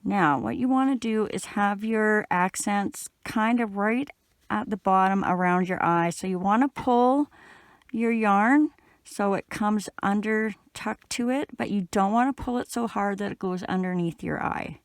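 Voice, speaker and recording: A middle-aged woman from Canada giving a relaxed, chatty step-by-step crochet tutorial while she works. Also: medium pitch, measured pace, no echo. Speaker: crochet instructor.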